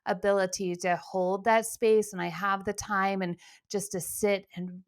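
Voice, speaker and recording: A woman's voice: mid-range voice, little pitch movement, measured pace. A woman co-hosting a podcast in casual chat, laughing easily and restarting her sentences as she talks. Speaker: podcast co-host.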